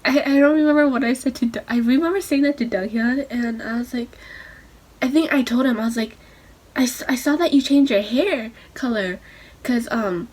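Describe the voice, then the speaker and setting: A young woman telling a rambling, excitable story while doing her makeup for a vlog. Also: fairly high pitch. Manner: rambling, excitable, lots of fillers. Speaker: beauty vlogger.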